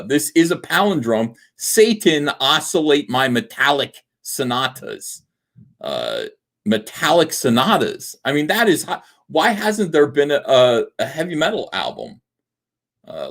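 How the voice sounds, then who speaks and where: Animated, rambling man hosting a livestream. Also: mid-range voice, measured pace, creaky. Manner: rambling, jokey, filler-heavy. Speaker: livestream host. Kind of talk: casual livestream chat.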